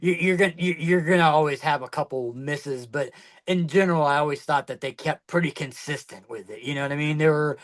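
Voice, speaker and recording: A man's voice: a little high, a little fast. Rambling man in casual chat. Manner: rambling, with many fillers and restarts. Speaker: podcast co-host.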